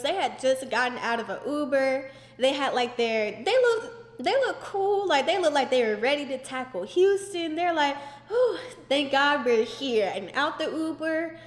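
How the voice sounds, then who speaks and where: A young woman tells a storytime vlog in an animated, exasperated way, her high voice leaning on "like" again and again. The room around her is echoey, with a long ring after each phrase. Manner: animated, exasperated, frequent "like" fillers. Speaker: vlogger. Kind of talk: casual storytime. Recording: roomy echoey indoor recording.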